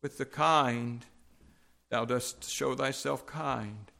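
A male preacher giving a sermon and reading scripture aloud, measured and halting, with frequent fillers. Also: mid-range voice, gravelly, sharp tone.

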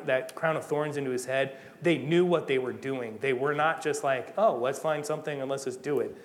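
A young man preaching a sermon in a lively, conversational way, rising to emphatic peaks. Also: medium pitch, slight background noise. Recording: long hall reverb.

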